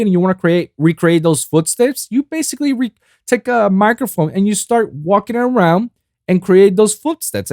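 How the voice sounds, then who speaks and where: A man's voice: sits high, a little mellow, no echo, clean studio sound. A man hosting his own podcast, talking loosely and casually about making sounds, with plenty of swearing and "I kid you not". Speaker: podcast host and music producer. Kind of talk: casual solo podcast talk. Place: lives in South Florida.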